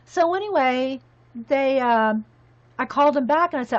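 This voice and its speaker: Rambling high-voiced woman vlogger. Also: moderate pace. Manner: rambling, laughs often, talks to viewers by name. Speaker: craft vlogger. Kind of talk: casual chat while organizing. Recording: dull lo-fi sound.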